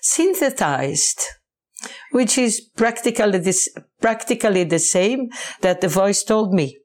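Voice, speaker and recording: A woman, a book author answering interview questions in English, halting and searching for words. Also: mid-range voice, darkish tone.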